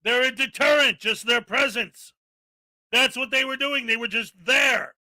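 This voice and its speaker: A man hosts a commentary video in an exasperated, sarcastic rant. His voice sits very high, with a sharp, piercingly bright edge. He talks like he has run out of patience. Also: a little slow, no room sound, rough recording. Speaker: commentary channel host.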